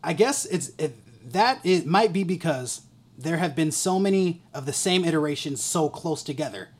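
A podcast co-host in casual chat talks in a lively, animated way, full of hedges and fillers. The pitch rises and falls freely. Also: moderate pace, slightly rough. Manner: chatty, hedging, many fillers.

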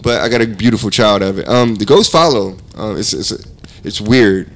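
A man's voice: fairly low pitch, normal speed. A man telling stories in a casual chat, laid-back and rambling, laughing often.

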